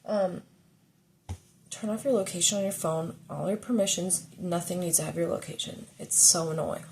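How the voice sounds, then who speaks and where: A woman's voice: on the low side, moderate pace, gravelly, a little mellow, a little hiss or hum. A woman vlogger chatting casually to camera and giving safety tips, rambling with lots of fillers and swearing when she's annoyed.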